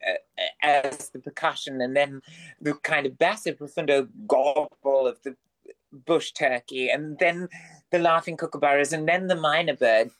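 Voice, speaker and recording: A man's voice: a little high, steady tone, normal speed, a bit bright. A man, a guest on a radio interview, who talks in a florid, wordy, theatrical way. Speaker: guest performer.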